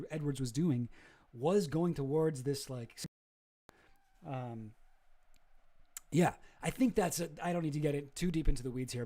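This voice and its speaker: A man's voice: a little high, dark tone. A man streaming casual commentary, rambling and hesitant, swearing freely.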